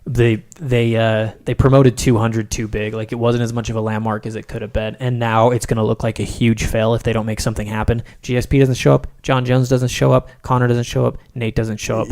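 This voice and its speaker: Halting, mid-pitched podcast man. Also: little pitch movement, a little mellow. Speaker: podcast co-host. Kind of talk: casual podcast chat.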